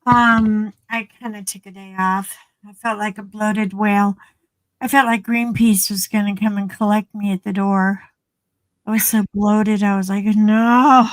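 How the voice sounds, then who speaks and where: A woman's voice: medium pitch, little pitch movement, normal speed, dry recording, rough recording. A woman co-hosting a casual chat show, telling rambling stories with lots of fillers. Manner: rambling storyteller with many fillers. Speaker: co-host.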